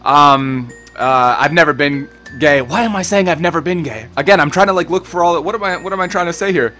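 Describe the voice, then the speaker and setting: A man's voice: on the high side, a little fast, sharp tone, soft background music. A young man hosting a gaming channel, chatting loosely through a Q&A, rambling and laid-back, swearing and calling people bro. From born in Switzerland, raised in Germany and the United States. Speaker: YouTube gaming channel host. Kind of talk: casual Q&A chat to camera.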